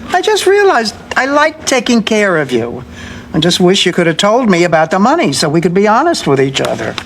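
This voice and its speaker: An actress playing a middle-aged, sardonic daughter in a sitcom, with a low, husky, deadpan delivery. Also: female voice, fairly quick. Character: sardonic grown daughter, exasperated, quick-tongued. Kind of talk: sitcom acting. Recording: noisy TV audio with studio audience laughter.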